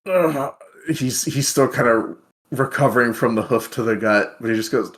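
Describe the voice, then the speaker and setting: A man narrating his character's actions in a tabletop game, in a measured, quiet way. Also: medium pitch.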